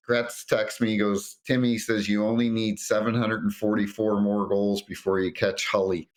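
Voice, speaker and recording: Man, middle-aged, low-pitched, lively storyteller, acts out quotes, restarts often. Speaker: retired hockey referee guest. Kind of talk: telling anecdotes on a sports podcast.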